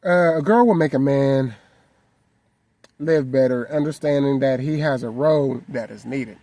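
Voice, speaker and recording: Here a man with a mellow, mid-range voice talks at a measured pace from his parked car. As a vlogger sharing reflective personal thoughts with his viewers, he sounds earnest and heartfelt, keeping it casual and often dropping "you know what I'm saying."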